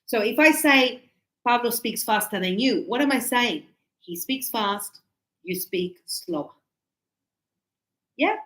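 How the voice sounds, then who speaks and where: Slow, deliberate woman teaching in an echoey classroom. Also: a little high, lively intonation, fairly bright tone. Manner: slow, deliberate, stretching key words. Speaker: English teacher. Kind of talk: classroom grammar lesson.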